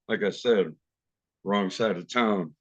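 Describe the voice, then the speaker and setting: A man's voice: on the low side, slow, dull audio. A man telling a profane, vivid street story at an online open mic, heard over a video call.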